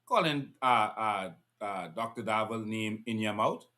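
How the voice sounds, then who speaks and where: A man giving casual political commentary to his viewers, firing off rhetorical questions and scolding in an exasperated, animated way. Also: on the low side, normal speed.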